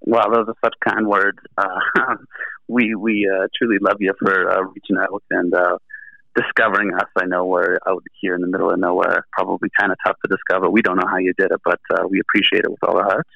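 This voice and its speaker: A man's voice: deep voice, level tone, a little fast, gravelly, no room sound, muffled recording. A Canadian man, a band's singer and guitarist, talking in a laid-back, rambling way as an interview guest. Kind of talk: casual interview chat.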